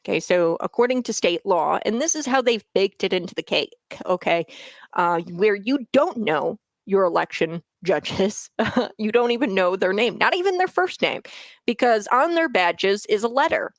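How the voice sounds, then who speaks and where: A woman's voice: medium pitch, lively intonation, normal speed, dry recording. A woman hosting a political talk show, getting heated and repeating phrases for emphasis. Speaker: talk radio host. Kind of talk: opinionated political commentary.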